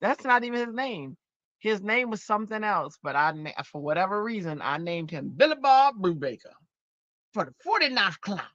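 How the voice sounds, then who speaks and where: Woman craft host, casual storyteller, lively bright voice, slightly muffled dry recording. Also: mid-range voice, normal speed, dry recording. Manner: chatty, animated storyteller. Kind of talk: casual chat while crafting.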